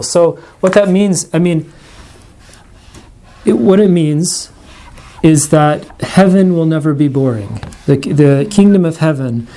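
A religion class teacher lectures a small group, thinking aloud and often restarting or wandering into asides. His voice sits a little high and has a warm tone.

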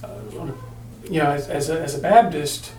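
A man's voice: on the high side, moderate pace, darkish tone, slight background noise. A man in a class discussion who speaks hesitantly with fillers, heard from across the room. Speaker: class member.

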